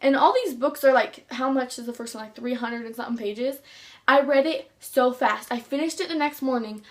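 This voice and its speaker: A teenage girl with a high-sitting voice talks at normal speed in a casual chat to camera. She's a book vlogger gushing about books she loves, rambling and restarting often.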